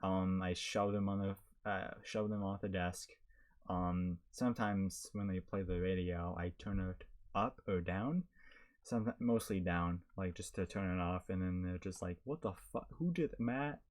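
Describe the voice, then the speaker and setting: A man's voice: low voice, steady tone, unhurried. A young man co-hosting a podcast, telling work stories in a rambling casual way with lots of fillers and laughter. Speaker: podcast co-host. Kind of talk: casual chat.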